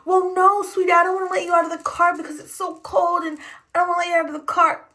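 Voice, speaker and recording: A woman's voice: very high voice, level tone, quick pace, sharp tone, pitched above the performer's own voice. A woman voicing a fussy, overprotective woman driver who pleads in a sugary, fretful way. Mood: pleading.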